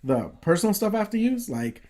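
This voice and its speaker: A man's voice: high voice, sing-song, brisk, a little mellow. A man co-hosting a casual podcast, rambling and filling gaps with ums and uhs. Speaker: podcast co-host. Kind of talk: casual chat.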